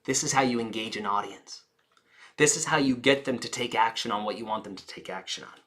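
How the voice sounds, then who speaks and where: A woman speaking coach teaching a live audience, theatrical and engaging, who deliberately slows down, drops her volume and pauses for effect, and puts questions to the listeners. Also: rumbling low, a bit bright, slight background noise. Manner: theatrical, shifts pace and volume on purpose, dramatic pauses.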